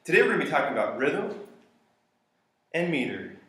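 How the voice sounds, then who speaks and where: A man's voice: a little high, very animated, brisk, a bit bright, husky. Playful young male teacher, joking. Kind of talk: recorded classroom lesson.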